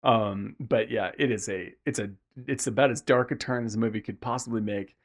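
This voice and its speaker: Co-hosting a podcast, a man with a fairly low, slightly fast voice chats casually about a film. He's animated, acting out characters' lines as he retells the story and swearing casually along the way.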